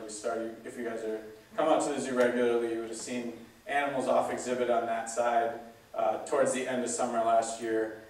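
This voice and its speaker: Standing well back from the microphone in a large, echoey hall, a zoo staff speaker sounds distant and roomy. His medium-pitched voice stays flat and even as he gives a relaxed, chatty public talk packed with fillers.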